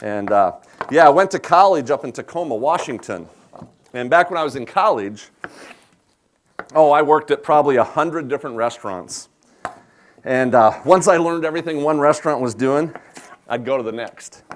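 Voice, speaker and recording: A man with an Upper Midwest American accent chats his way through a live cooking demonstration, folksy and quick to joke. His voice sits a touch higher than most men's. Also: expressive, a little hiss or hum. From South Dakota, USA. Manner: chatty, folksy, self-deprecating humor. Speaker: chef giving a cooking demonstration. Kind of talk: live cooking demo with chat to audience.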